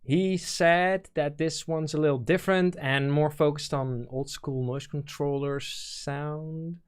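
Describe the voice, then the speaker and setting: A man's voice: on the high side, fairly even intonation, slow, clear, resonant tone. A man with a Dutch accent hosting a stream, talking casually as he gives technical feedback on music demos and thinks aloud. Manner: thinks aloud with fillers, explains technical points.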